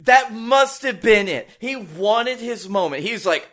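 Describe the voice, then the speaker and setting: A man's voice: high voice, animated, a little slow, fairly bright tone. A man co-hosting a podcast, ranting and joking in casual, profane chat about wrestling. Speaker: podcast co-host.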